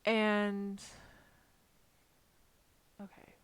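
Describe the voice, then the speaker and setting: A woman chatting casually on a live stream while designing stickers, self-deprecating and talking to her software as she works. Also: medium pitch, monotone, extremely slow, clean tone.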